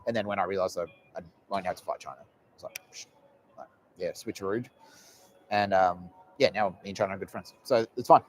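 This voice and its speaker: A man's voice: low voice, fairly quick, a little hiss or hum. An Australian man hosting a casual live podcast, rambling and swearing often with frequent laughs. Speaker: podcast host.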